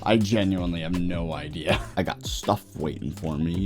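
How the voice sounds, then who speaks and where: A young man giving casual gameplay commentary, excitable, gasping and shrieking when something rare turns up. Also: deep voice, moderate pace, faint music behind. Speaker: gaming YouTuber.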